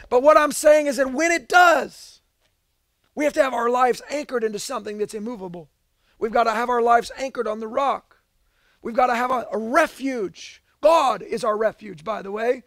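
A pastor preaching a sermon in an earnest, emphatic way, mixing casual asides with bursts of raised voice. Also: male voice, very high-pitched, dry recording.

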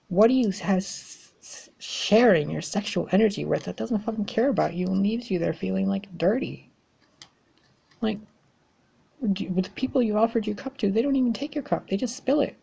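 A woman's voice: mid-range voice, lively intonation, normal speed, vocal fry, warm tone, slightly rough. A woman giving a tarot reading in a blunt, exasperated way, swearing freely as she talks to her viewers. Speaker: tarot reader.

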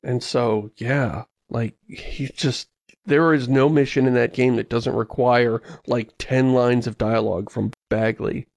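A man with a mid-pitched, gravelly voice hosts a casual podcast. He talks in an animated way and throws in quick asides. The sound is close and dry. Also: dry recording. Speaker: podcast host.

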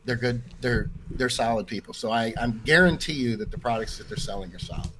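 A man's voice: medium pitch, fairly quick, a bit bright, poor audio. Dude on a podcast sharing his own take, mid-range voice, earnest and kinda emphatic, bit of faint background hiss. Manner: earnest, emphatic, personal opinions. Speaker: podcast co-host, coach. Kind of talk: casual podcast chat.

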